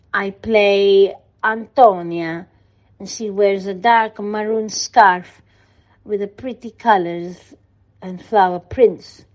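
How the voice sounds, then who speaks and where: A woman actor introducing her roles and costumes in a measured, listing way. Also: mid-range voice, a little mellow, muffled recording. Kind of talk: audio introduction to a play.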